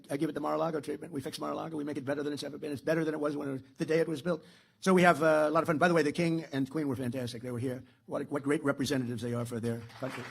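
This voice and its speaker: A man's voice: a little high, gravelly, a little hiss or hum. A man giving a public political speech in a rambling, boastful way, often repeating himself.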